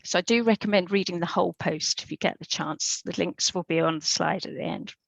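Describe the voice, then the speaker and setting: Gravelly low-voiced woman presenting online. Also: brisk, no room sound, rough recording. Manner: informal, chatty, with fillers and restarts. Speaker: webinar presenter.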